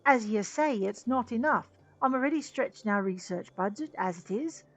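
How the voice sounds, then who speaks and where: A woman voicing a gruff, eager male airship engineer in a game, speaking in a hearty, blustering manner. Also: on the high side, expressive, moderate pace, faint music behind, voice pushed up. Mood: pleading.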